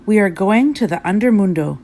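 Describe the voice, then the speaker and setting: A woman's voice: mid-range voice, animated, fairly quick. A woman voicing a cheeky pack of little chihuahua dogs that chant and sing together. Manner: chanting together, loud and chirpy.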